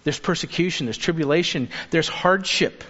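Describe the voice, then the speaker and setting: A man preaching a sermon as a pastor, earnest and urging, turning lively when he acts out the people he quotes. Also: on the high side, normal speed. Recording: dull sound with long reverb of a hall.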